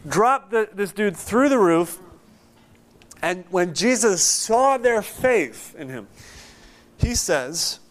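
Conversational man preaching a sermon. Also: high voice. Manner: conversational, animated storytelling with acted-out quotes. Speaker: pastor.

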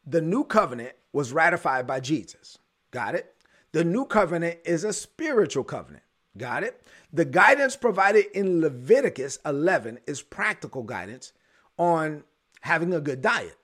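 A man preaching a sermon in an animated way, acting out the voices of churchgoers. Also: a little high, moderate pace. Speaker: pastor.

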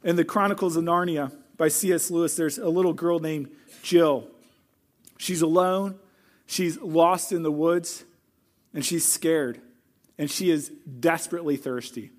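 Earnest high-voiced male preacher. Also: steady tone, unhurried. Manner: earnest preaching, closing in prayer. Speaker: pastor. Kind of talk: sermon.

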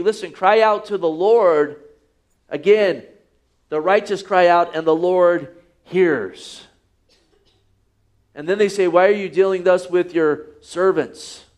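A man with a high voice preaching a sermon. He reads scripture aloud and keeps asking his listeners rhetorical questions. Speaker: pastor.

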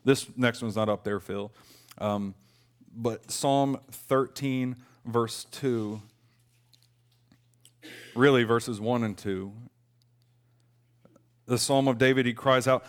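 A man's voice: mid-range voice, fairly even intonation, takes it slowly, long pauses, clean tone. A man in his thirties preaching a conversational, earnest sermon, lifting his voice when he quotes a lament. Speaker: pastor.

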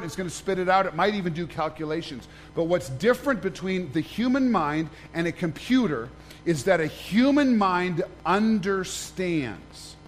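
A man's voice: high-pitched, a little hiss or hum. A man, a pastor, giving a conversational sermon, joking and asking the congregation questions.

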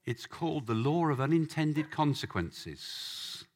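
A man preaching a sermon as a lively story, acting out the voices of the people in it. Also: a little high, unhurried. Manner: animated, acts out voices in the story.

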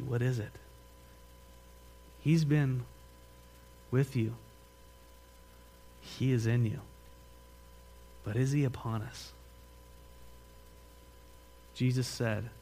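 A man pastor preaching a sermon in a church, speaking emphatically and conversationally with questions to the congregation, then praying softly. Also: medium pitch, steady tone, takes it slowly, vocal fry, pauses often, a little hiss or hum. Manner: drops to a soft, earnest tone in prayer. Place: church sanctuary.

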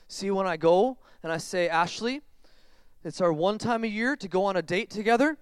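A man in his thirties, a pastor, gives a sermon in a relaxed, conversational manner. His voice sits high and sounds smooth and crisp. The close mic picks up a dry sound with little room echo. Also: moderate pace. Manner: conversational, animated, switches between quiet reflection and loud emphatic bursts. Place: church sanctuary.

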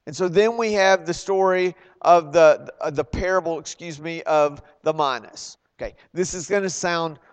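A man preaching a sermon, animated and questioning his listeners. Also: fairly high pitch, moderate pace, hardly any pauses, clear, resonant tone. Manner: animated, acts out quoted voices, loud emphatic bursts; asks the congregation questions.

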